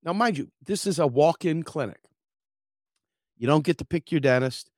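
In studio-quality audio free of room sound, a middle-aged American man hosts a podcast and spins a story like a loose rant. His pitch is fairly high and his pace moderate. He gets animated, performing the quotes and cursing along the way.

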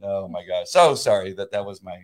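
A man in his fifties co-hosting a casual faith chat, excitable and laughing often, often restarting mid-sentence. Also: low voice, fairly quick. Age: 50s. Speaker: co-host.

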